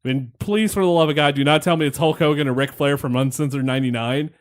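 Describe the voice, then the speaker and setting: This fast-talking man has a fairly high-pitched voice and hosts a podcast. He chats casually through a rambling recap of a wrestling match, wry and laughing, with an occasional swear word.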